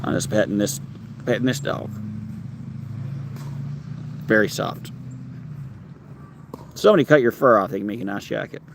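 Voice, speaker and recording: The host of this casual outdoor livestream in a park speaks at normal speed in a fairly low, gravelly voice, leaving long pauses. He's playful, reads his viewers' names and comments aloud, and sings short pieces of songs, with slight background noise audible.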